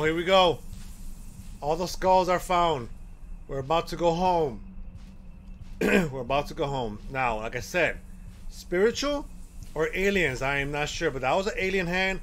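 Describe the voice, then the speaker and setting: A man hosting a horror game playthrough, reacting excitably and talking to himself as he plays. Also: on the high side, moderate pace, a little hiss or hum. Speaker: gaming channel host.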